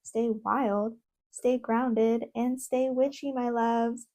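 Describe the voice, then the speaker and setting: A young woman with a fairly high voice talks into her own microphone at home, reviewing an oracle deck. She reads card meanings aloud, then breaks into excitable, chatty asides and quick laughs. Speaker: tarot content creator. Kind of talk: casual deck review vlog.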